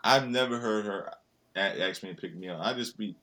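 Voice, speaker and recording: A man's voice: lowish voice, fairly quick, bright, forceful tone. A young man, a father, chatting casually about his daughter in a slangy, profane, laid-back way. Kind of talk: casual chat.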